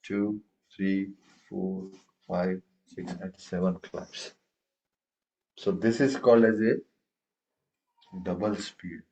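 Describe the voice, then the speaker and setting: A man's voice: deep voice, fairly even intonation, slow, pauses often, a little mellow, lo-fi sound. A man teaching a tabla class, chanting rhythm syllables and quizzing his students. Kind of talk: classroom lesson.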